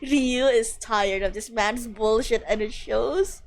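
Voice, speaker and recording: A woman's voice: fairly high pitch, slow pace, hardly any pauses, a little hiss or hum. A woman streamer casually chatting and joking about herself while reading game dialogue aloud. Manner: chatty, joking, self-mocking.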